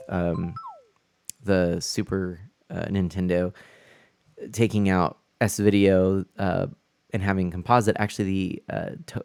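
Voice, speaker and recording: A man with a fairly low, slightly mellow voice chats casually while playing a game on stream from a room at home. He trips over his words now and then, speaking into a newly set up desk mic.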